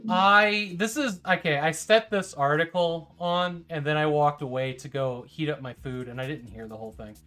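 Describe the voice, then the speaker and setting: A woman's voice: low-pitched, moderate pace, hardly any pauses, a bit bright, soft background music. A woman hosting a casual stream, rambling with lots of fillers and gushing over her dog. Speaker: streamer host.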